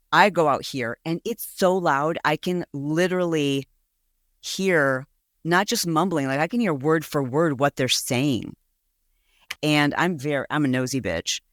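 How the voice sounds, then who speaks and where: A woman's voice: sits low, a little slow, no room sound, clean studio sound. A woman hosting a podcast, telling a story in a casual, gossipy way and acting out voices in quotes. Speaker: podcast host.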